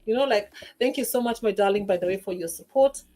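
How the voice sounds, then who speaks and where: A woman's voice: medium pitch, fast talker, dark tone. A woman speaking as a livestream guest, effusive and emotional, laughing often and using many fillers in casual chat. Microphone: remote streaming call.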